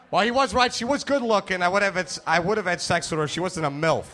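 A brash man doing stand-up comedy, crude and playful as he works the crowd. His voice is bright and forceful and sits a little high for a man. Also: fast talker, hardly any pauses.

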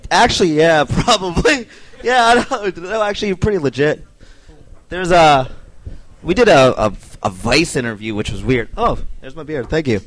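Lively high-voiced young man in a bar. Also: normal speed. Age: 20s. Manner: joking, swearing, self-deprecating. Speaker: record label head, podcast guest. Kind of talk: casual bar banter.

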